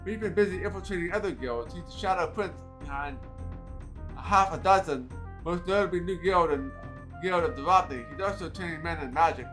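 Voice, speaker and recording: A man's voice: on the high side, a little fast, fairly bright tone, faint music behind, natural voice. A man reading the long expository lines of a character in a role-playing game. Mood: intent. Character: male agent questioning an old informant.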